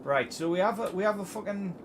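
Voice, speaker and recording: A man's voice: sits high, fast talker. A man streaming a city-building game, swearing constantly in a put-on Geordie accent. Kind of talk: casual gaming livestream banter. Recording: noisy stream audio.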